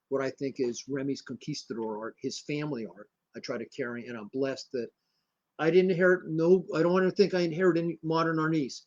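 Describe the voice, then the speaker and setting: An older man from Connecticut, a martial arts grandmaster, telling rambling, animated anecdotes in a casual interview. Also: mid-range voice, highs cut off. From Connecticut, USA.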